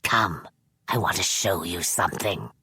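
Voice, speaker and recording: Sinister old man, slow solemn half-whisper, voiced by a female narrator; deep, dry booth sound. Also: husky, no room sound, exaggerated voice. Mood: hushed menace. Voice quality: low hushed half-whisper. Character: sinister old man who kidnaps children, soft-spoken. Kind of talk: audiobook character voice.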